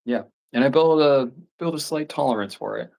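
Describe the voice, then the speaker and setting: A man's voice: medium pitch, moderate pace, creaky, a little mellow, low-quality recording. A young man hosting a casual livestream, rambling with lots of fillers and frequent laughs as he chats to viewers. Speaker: livestream host.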